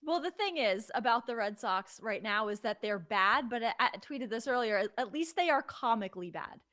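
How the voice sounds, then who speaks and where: A woman rants on a sports podcast in a bright, sharp voice. She is exasperated and animated, and her pitch sits a little high. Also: moderate pace. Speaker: podcast co-host. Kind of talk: casual sports podcast chat.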